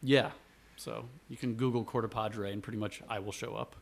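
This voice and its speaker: A man from Buffalo, New York, a guest in casual conversation, spins a rambling, lively family story and performs the quotes. His voice is on the low side, brisk and gravelly.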